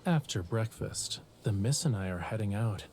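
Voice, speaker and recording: A man's voice: on the low side, lively intonation, moderate pace, a little mellow, a little hiss or hum. An actor voicing a sly, teasing young Lemurian man in a romance game, speaking in a playful, knowing way. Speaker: game character.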